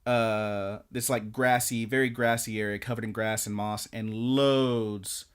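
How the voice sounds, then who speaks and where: A man's voice: on the low side, unhurried, smooth. A man co-hosting a podcast, casually recapping anime episodes and acting out the characters' lines in a rambling way. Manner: rambling, animated retelling with quoted lines. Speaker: podcast co-host.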